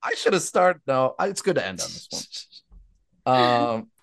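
A young adult man hosting a casual podcast, reading listener reviews aloud and dropping quick asides between lines. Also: medium pitch, sing-song, creaky, a bit bright.

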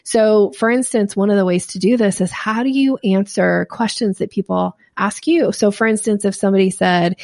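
An animated middle-aged woman coaching on sales in an interview, her voice carrying a gravelly fry. She often acts out the people she quotes. The sound is close and dry, with no room around it. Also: mid-range voice, moderate pace, few pauses, no room sound. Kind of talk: podcast interview answers.

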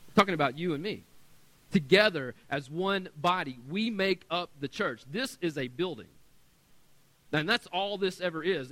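A male pastor delivering a sermon in a church sanctuary. His voice is bright and forceful and sits a little high for a man, and he presses his points by repeating words and dropping from loud declarations to near-hushed asides. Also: expressive, moderate pace, low-quality recording. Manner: emphatic, repeats words for stress, swings between loud and soft.

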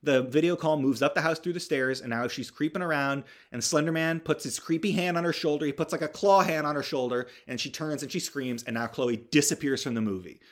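A man's voice: on the high side, brisk, hardly any pauses. Rambling man doing a wry movie recap. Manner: rambling, wry asides, self-correcting. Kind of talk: casual comedic movie recap.

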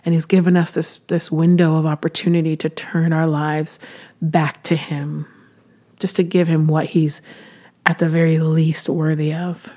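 A woman's voice: sits low, flat delivery, measured pace, dark tone. A woman in her thirties giving a casual devotional talk to camera. She sounds earnest and chatty, with frequent restarts and sudden bursts of preacher-like emphasis. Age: 30s. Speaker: Christian vlogger sharing devotional encouragement.

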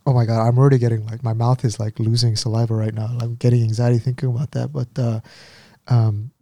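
A man co-hosting a podcast, casually retelling a story in an animated way and acting out the people in it. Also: medium pitch, fast, no echo. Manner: animated retelling with quoted voices. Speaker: podcast co-host.

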